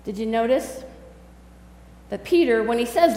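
A woman pastor preaching a sermon in a conversational, animated storytelling way. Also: on the high side, measured pace, reverberant, big-room sound, rough recording. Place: church sanctuary.

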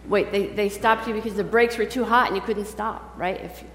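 A woman's voice: medium pitch, fairly even intonation, a little fast. A woman reading scripture and then giving a conversational sermon in a church, chatting with the congregation and asking them questions. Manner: chatty, quizzes the congregation directly. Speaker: preacher. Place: large church sanctuary. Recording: echoey hall with faint hum.

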